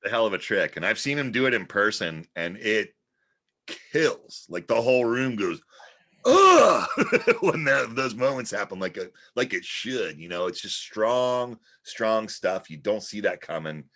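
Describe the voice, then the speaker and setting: A man's voice: on the low side, lively intonation, moderate pace, a bit bright. A man chatting casually and enthusiastically about magic he admires.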